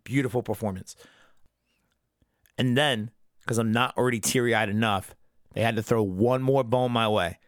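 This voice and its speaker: Young guy rambling excitedly about an anime episode, swears a lot, mid voice, dry close sound. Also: mid-range voice, normal speed, long pauses, no echo. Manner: profane, enthusiastic fan rambling. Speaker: podcast host. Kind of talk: casual episode recap.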